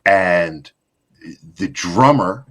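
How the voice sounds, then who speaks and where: A man hosting a casual chat, telling a gig story in an animated way. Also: low voice, drawn-out words. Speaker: podcast host.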